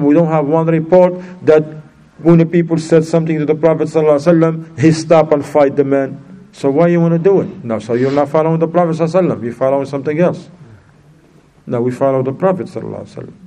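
Man, sermon, preacher, mellow tone, slightly high pitch, acts out quotes, Arabic terms mixed in. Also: slight background noise. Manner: lively, acts out quoted speakers with sudden high pitch jumps; non-native phrasing, mixes in Arabic terms.

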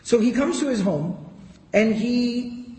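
A man's voice: very high voice, expressive, takes it slowly, mellow. A man giving a storytelling lecture, retelling history and quoting passages in Arabic before translating them. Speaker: Islamic lecturer. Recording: echoey hall.

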